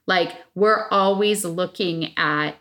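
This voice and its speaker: A woman co-hosts a relaxed podcast conversation in a slightly low voice. She speaks earnestly and leans on key words for emphasis. Her talk is loose and conversational, full of fillers and restarts. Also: takes it slowly. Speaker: podcast co-host. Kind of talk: casual podcast chat about parenting.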